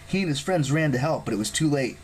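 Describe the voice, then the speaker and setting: An audiobook reader narrating a fantasy novel aloud in an expressive style. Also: mid-range voice, fast, slightly rough, low-quality recording. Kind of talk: scripted narration.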